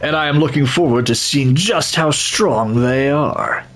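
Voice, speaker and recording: A man's voice: mid-range voice, a little slow, fairly bright tone, voice pushed up. A man voicing a zealous, battle-hungry warrior creature. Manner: zealous and grandiose.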